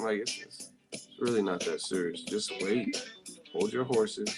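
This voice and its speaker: A man with a lowish voice talks loosely to his live-stream viewers about boxing, tired and rambling, with profanity dropped in casually. Music plays clearly behind him throughout. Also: measured pace. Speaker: boxing channel host. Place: hotel room in Las Vegas.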